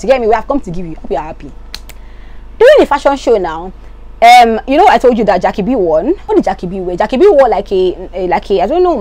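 A woman, chatting casually as she recaps reality show gossip with lots of asides. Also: mid-range voice. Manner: chatty, animated, lots of "you get me".

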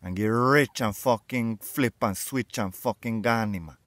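A man's voice: lowish voice, measured pace, fairly bright tone. A man in a comedy sketch, talking aggressively and mockingly, swearing a lot.

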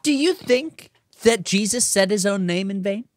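Goofy, excitable young man. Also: high-pitched, moderate pace. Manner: goofy, excitable, laughs a lot. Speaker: podcast co-host. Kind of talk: casual chat.

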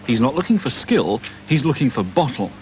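A man's voice: medium pitch, big pitch swings, fairly quick, a little mellow. Matter-of-fact male documentary narrator. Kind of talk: scripted narration. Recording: dull old broadcast voice-over with faint hiss.

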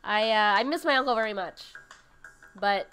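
A woman's voice: medium pitch, moderate pace, fairly bright tone, soft background music. A woman hosting a cooking livestream, chatting casually with viewers and rambling with lots of fillers. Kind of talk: casual chat reading viewer comments. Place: home livestream setup.

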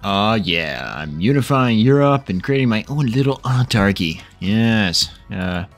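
Young male gamer, lowish voice, excitable and profane, light music underneath. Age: young adult. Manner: excitable, swearing, quick mood swings. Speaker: gaming video creator. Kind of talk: casual strategy game commentary.

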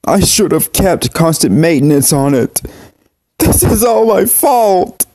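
A man voicing a grief-stricken young boy who is crying and speaks in slow, broken sobs. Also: a little high, lively intonation, warm tone, no room sound, pitched above the performer's own voice. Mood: sobbing. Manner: slow, broken sobbing speech.

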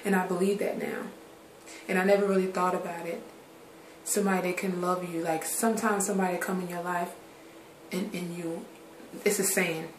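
A woman's voice: fairly low pitch, level tone, normal speed, a little hiss or hum. Frank rambling woman in an echoey room. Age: adult. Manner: rambling, drifts from subject to subject; frank, swears casually. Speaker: vlogger. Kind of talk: candid personal vlog talk. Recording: roomy echoey recording.

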